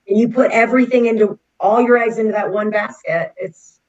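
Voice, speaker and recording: A co-host on a casual talk show who keeps agreeing and backing the host up with frequent affirmations. The voice sits in a middle pitch, and the recording sounds dull and lo-fi. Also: a little fast, a little mellow.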